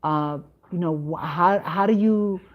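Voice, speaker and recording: A woman hosting her own live stream, talking casually and haltingly, with many restarts and fillers. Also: fairly low pitch. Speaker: livestream host. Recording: dull lo-fi sound.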